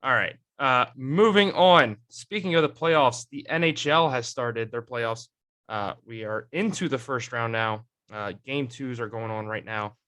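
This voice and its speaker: A young man with a bright, lively tone hosts a casual sports chat. He rambles along, full of fillers and restarts. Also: mid-range voice, a little slow. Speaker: podcast host.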